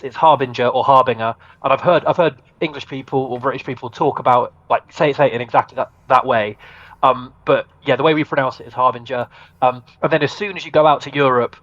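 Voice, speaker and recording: A man's voice: mid-range voice, a little fast, fairly bright tone, no room sound. A laid-back man from Norway rambles modestly as a guest. He speaks over a video call, and the audio sounds dry and dull, like lo-fi call sound. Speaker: band bassist, guest. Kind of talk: casual interview chat.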